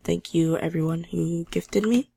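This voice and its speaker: A teenage girl hosting a gaming channel talks quietly over her gameplay and reads out chat messages, her throat sore. Her voice is lowish, warm, creaky and slightly rough, moving a little slowly.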